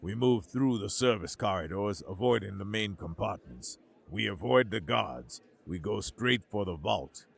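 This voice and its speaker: Calm human tactician voiced by a man, low voice, quiet firm orders, measured. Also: gravelly, slightly rough, heavily acted.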